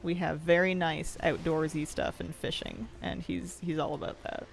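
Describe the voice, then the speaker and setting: Casually chatting during gameplay, a streamer reads viewer questions out loud and laughs a lot, with faint game music in the background. Their voice is mid-range and fairly flat at normal speed, with vocal fry and a little hiss or hum.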